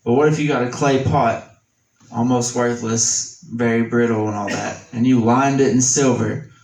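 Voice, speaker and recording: A man with a Southern American accent teaching a Sunday school class, reading scripture slowly and explaining it in a casual, folksy way. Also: mid-range voice, steady tone, a little mellow, distant mic. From Tennessee. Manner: reads scripture slowly and deliberately. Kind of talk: Bible teaching. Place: church classroom. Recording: echoey church room.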